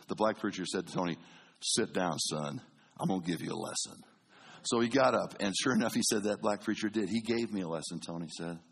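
Husky-voiced man preaching a sermon. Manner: animated, swings between booming and hushed. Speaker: pastor. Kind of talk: sermon storytelling.

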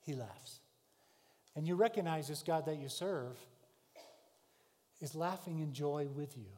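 A man preaching a sermon, telling the story with dramatic swings between loud and soft. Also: fairly high pitch, in a large hall. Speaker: pastor.

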